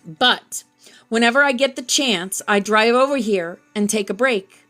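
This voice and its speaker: A woman's voice: a little high, measured pace, pushed and bright, faint music behind. Friendly, fit middle-aged male researcher read by a woman, plain reading. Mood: earnest. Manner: plain reading, hardly changed from her narration.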